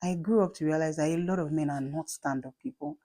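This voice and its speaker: Low-voiced Nigerian woman, chatty. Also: quick pace, dark tone. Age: late 30s. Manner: chatty and emphatic, with repeats and asides. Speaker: vlogger and mother. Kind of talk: casual talk to camera.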